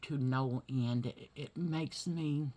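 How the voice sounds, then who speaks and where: A woman talking through a hard day in a vlog, teary and halting, often asking "okay?" and sometimes dropping to a whisper. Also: rumbling low, warm tone. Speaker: vlogger. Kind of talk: emotional personal vlog.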